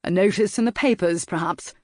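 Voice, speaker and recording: A man's voice: high-pitched, fairly quick, no room sound, clean studio sound, natural voice. A man reading an audiobook and voicing a cold, proud nobleman who speaks in a clipped, snide way.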